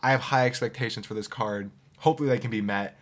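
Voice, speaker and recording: A man reviewing a football video game card and then commentating his own matches, growing excitable and shouting and groaning at near misses. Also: mid-range voice, quick pace. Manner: addresses viewers as boys. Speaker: gaming YouTuber. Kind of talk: player review and live gameplay commentary.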